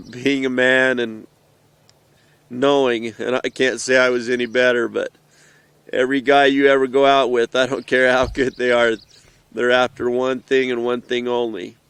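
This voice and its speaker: A middle-aged father, emotional and earnest, speaking haltingly outdoors in the mountains in a heartfelt message to his children. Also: medium pitch, level tone, a bit bright, smooth, no echo. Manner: earnest, halting, with pauses and restarts.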